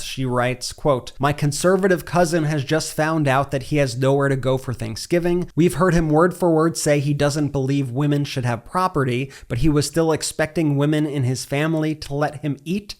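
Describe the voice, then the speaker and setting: A man's voice: a little high, steady tone, moderate pace, hardly any pauses. A man hosting a political commentary show, delivering pointed scripted commentary.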